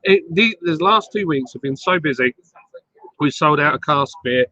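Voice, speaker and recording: A man's voice: a little high, animated, moderate pace, bright, forceful tone, no echo. Man, live stream host, playful banter, pub garden, muffled lo-fi audio. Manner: playful, bantering, reads chat aloud. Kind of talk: casual live stream chat. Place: outdoor pub garden, on a bench.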